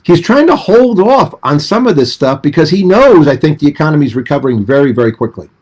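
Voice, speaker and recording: A middle-aged man giving emphatic, rapid-fire opinions as a guest commentator on a radio phone-in. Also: a little high, big pitch swings, darkish tone, husky.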